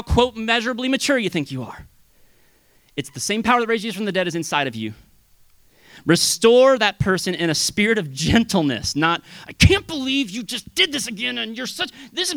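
A man preaching a sermon as pastor, swinging between loud bursts and hushed asides. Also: high voice, no room sound.

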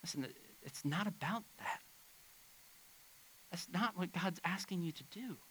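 Animated preacher man, bright voice. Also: high voice, a little slow, a little hiss or hum, poor audio. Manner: animated, conversational preaching with dramatic swings in volume. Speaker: pastor. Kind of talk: sermon. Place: church stage under bright lights.

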